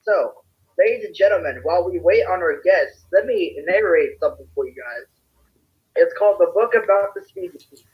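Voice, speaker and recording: A man's voice: sits high, expressive, fairly quick. A young man co-hosting a casual podcast chat, bragging and joking in a playful wrestling-promo manner. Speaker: co-host. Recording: dull lo-fi stream audio.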